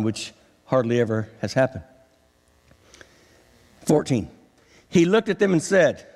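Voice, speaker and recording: A man preaching a sermon as pastor, dramatic, swinging from low murmurs up to high cries. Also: very animated, measured pace, long pauses. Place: church sanctuary. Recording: long church reverb.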